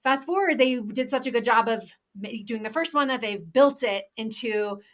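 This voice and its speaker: A woman co-hosting a podcast, chatting casually with a slightly high voice. She is enthusiastic and rambles through her explanations, restarting sentences and filling gaps with "um" and "like.". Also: normal speed, fairly bright tone. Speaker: podcast co-host and professional trail runner.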